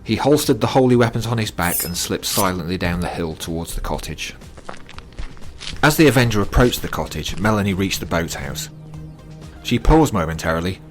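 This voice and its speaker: A man reading a horror audiobook in a dramatic, measured way. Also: sits low. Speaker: narrator. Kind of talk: scripted horror story narration. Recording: narration with loud music bed.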